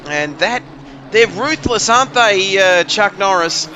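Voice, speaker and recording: A man doing excitable, joking play-by-play commentary on a sim race. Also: sits high, a little slow, a little hiss or hum.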